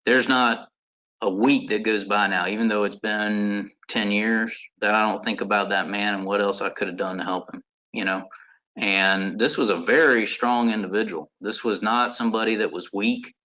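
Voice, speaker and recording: Man, American accent, earnest seminar storytelling, low voice, dull lo-fi sound. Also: steady tone, moderate pace, sharp tone. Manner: earnest, conversational, with frequent restarts. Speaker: construction lawyer and seminar speaker. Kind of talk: personal story in a seminar talk. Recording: dull lo-fi recording.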